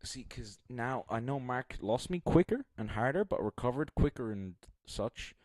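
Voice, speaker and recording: A man's voice: mid-range voice, animated, normal speed, a little mellow, no echo. A young man streaming live, thinking aloud in a rambling, casual way and poking fun at himself.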